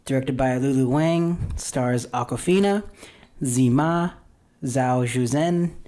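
A young man hosting a casual podcast, talking in a relaxed, earnest way with plenty of fillers. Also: medium pitch, takes it slowly. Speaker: podcast host. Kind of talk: casual chat.

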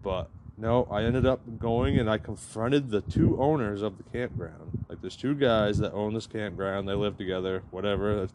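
A man's voice: fairly low pitch, moderate pace, few pauses, very noisy. Rambling, foul-mouthed man telling a story. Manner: profane, rambling, heavy use of "like". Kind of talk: casual storytime rant. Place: campground in New Mexico.

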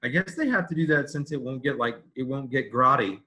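A man co-hosting a casual chat in a bright, forceful voice at an ordinary pitch. He riffs with dry, sarcastic jokes and quick asides. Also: lively intonation. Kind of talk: casual chat, joking commentary.

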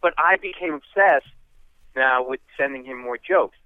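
A male comedian guest telling stories in a rapid, chatty way on a radio interview. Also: medium pitch, clean tone, no echo. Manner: rapid, chatty anecdotal delivery. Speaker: comedian guest, former lawyer. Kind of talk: animated storytelling. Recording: tinny phone-like line.

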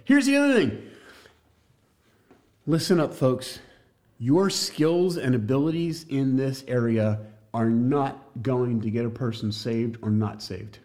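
A man's voice: mid-range voice, animated, slow, warm tone. A man teaching a church class on evangelism, jokey and emphatic, talking straight to his listeners.

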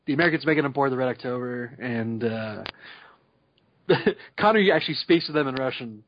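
In casual podcast banter, a male co-host with a medium-pitched voice speaks fairly quickly and with lively intonation, rambling, laughing, and dropping many "like"s. The recording sounds slightly dull and dry.

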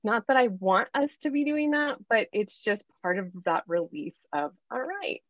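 A woman's voice: mid-range voice, animated, normal speed, dry recording, highs cut off. A woman in her thirties, a life coach, telling her story candidly and with animation in a podcast interview.

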